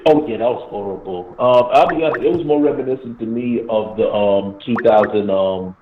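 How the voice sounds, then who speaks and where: A man in his late thirties calls in to talk sports, easygoing and halting, with plenty of fillers. His voice is low and comes through a thin phone line with a roomy echo. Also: noisy background. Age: 30s. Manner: relaxed, hesitant, many fillers. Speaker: caller. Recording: echoey tinny phone line.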